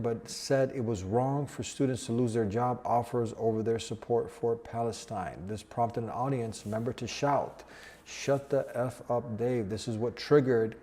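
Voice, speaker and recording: A man's voice: mid-range voice, dark tone. Earnest man commenting on news clips. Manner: earnest, preaching tone. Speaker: host.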